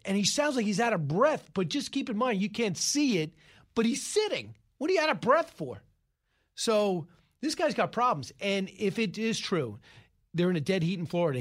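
A man hosting a talk radio show, giving opinionated, emphatic commentary and taking calls. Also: on the high side. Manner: opinionated, emphatic, quick asides. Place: radio studio.

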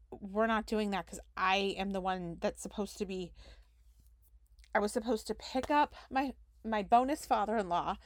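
Speaking in a mid-range voice, a young woman podcast host chats her way through a story, acting out conversations and leaning heavily on "like." The sound is studio quality, with no echo.

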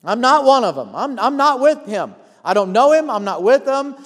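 A man's voice: high voice, normal speed, in a large hall, close to an everyday voice. A man voicing a frightened adult male disciple who keeps insisting, in a flustered rush, that he does not know his teacher. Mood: panicked denial.

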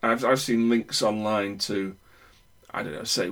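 A man's voice: lowish voice, fairly even intonation, unhurried, a bit bright. A man from the UK co-hosting a podcast, talking in a thoughtful, wordy way with frequent restarts. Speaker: podcast co-host. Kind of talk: casual chat.

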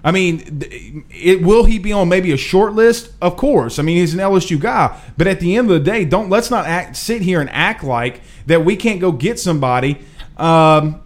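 A man hosting a live sports talk show, reading viewer comments in an emphatic, animated, slangy way. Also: high voice, normal speed. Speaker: host.

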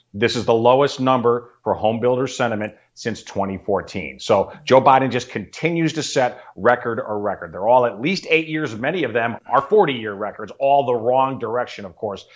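A man's voice: mid-range voice, dull audio. A man giving an earnest, explanatory economic commentary, often addressing the host by name.

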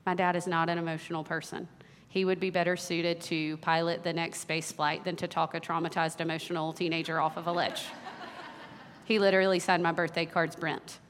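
A woman in her thirties, a worship leader, telling a personal story in a sermon with earnest warmth and small laughs. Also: lowish voice, little pitch movement, a little fast, noisy background. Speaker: worship leader giving a talk. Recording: long hall reverb.

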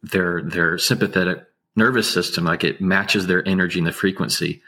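Calm low-voiced man, husky and soothing. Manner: slow, measured, unhurried speech. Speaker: guest, attorney. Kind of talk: casual interview talk.

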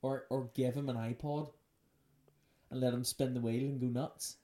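A woman's voice: extremely low pitch, fairly even intonation, moderate pace, dark tone. A woman hosting a casual, unscripted podcast chat, joking and telling playful stories. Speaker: podcast host.

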